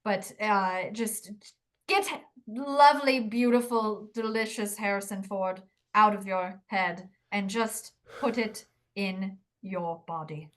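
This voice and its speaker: A woman improvising as a dialect coach, gently affirming with murmured agreement. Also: mid-range voice, slow pace.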